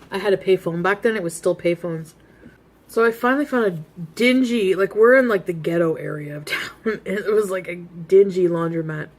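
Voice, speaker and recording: A woman vlogger casually telling a rambling story to her viewers at home, full of asides and little laughs. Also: lowish voice. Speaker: vlogger host.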